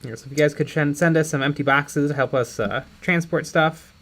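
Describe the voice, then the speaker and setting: A man's voice: a little high, brisk, fairly bright tone. A man co-hosting a casual painting stream, joking and reading viewer questions aloud. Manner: joking, reads chat names aloud. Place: home studio while painting.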